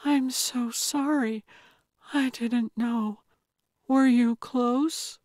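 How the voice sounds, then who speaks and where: A woman narrator voicing a frightened, tearful young woman in her late twenties, in a higher, softer, shaky voice. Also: fairly even intonation, drawn-out words, no room sound.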